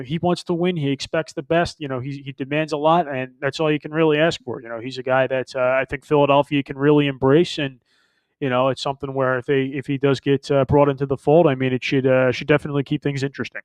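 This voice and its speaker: Halting man on a sports podcast. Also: mid-range voice, steady tone, dry recording. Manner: halting, stammers and restarts, heavy "you know". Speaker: podcast co-host. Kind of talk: casual sports talk.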